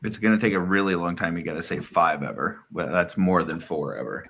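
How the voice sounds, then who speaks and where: A man in his forties with a very deep, low voice, chatting casually. He slips in dry, deadpan jokes as he talks. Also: fairly quick, slight background noise. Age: 40s. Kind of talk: casual chat.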